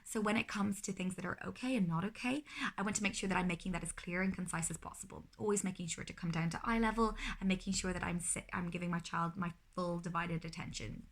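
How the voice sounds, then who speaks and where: A woman's voice: fairly low pitch, fairly even intonation, quick pace. A woman in her thirties, a mother, giving parenting advice in a casual vlog, talking earnestly and often correcting herself mid-sentence. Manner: earnest, explanatory, with frequent self-corrections.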